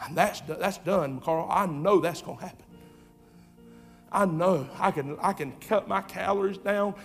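A pastor preaching a sermon in a church, fervent and repetitive, swinging from loud urging to quiet asides. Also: male voice, sits high, normal speed, gravelly, soft background music. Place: church sanctuary.

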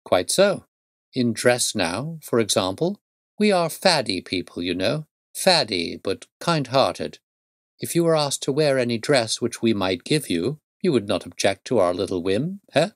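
A fussy, coaxing eccentric gentleman in an audiobook, as a male reader plays him, pushing his odd requests with lifted emphasis. The voice is mid-pitched and dry, close to the mic. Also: very animated, unhurried, dry recording. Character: eccentric middle-aged gentleman, wheedling and insistent. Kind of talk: audiobook reading.

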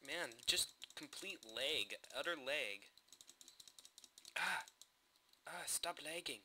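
A man casually commentating his own gameplay, excitable and jokey, with quick bursts of alarm. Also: on the high side, noisy background.

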